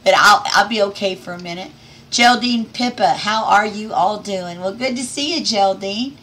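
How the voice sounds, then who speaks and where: Brief: middle-aged woman, livestream host at home, bright tone, upbeat and affectionate, reads out chat names. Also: medium pitch, moderate pace, a little hiss or hum. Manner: cheerful, affectionate greetings to each viewer. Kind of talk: casual livestream chat reading out comments.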